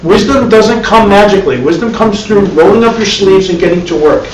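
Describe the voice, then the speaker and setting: A man's voice: sits high, lively intonation, brisk. Man teaching a class in an echoey room. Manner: conversational, repeats himself, wry asides. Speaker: meditation teacher. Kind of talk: live dharma class talk. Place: classroom with a live audience. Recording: echoey room, distant mic, faint hiss.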